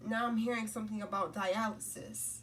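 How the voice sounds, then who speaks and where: A woman's voice: mid-range voice, fairly even intonation, brisk, recorded from a distance, a little hiss or hum. A woman giving a casual spiritual talk, rambling and repeating herself, often checking in with "right?" and "you know?". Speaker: spiritual content creator.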